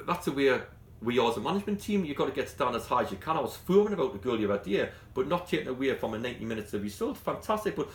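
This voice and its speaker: A man's voice: medium pitch, big pitch swings, racing, reverberant. A man with a Geordie accent, a football club manager giving a blunt, passionate interview, talking in bursts with many restarts. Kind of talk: post-training interview.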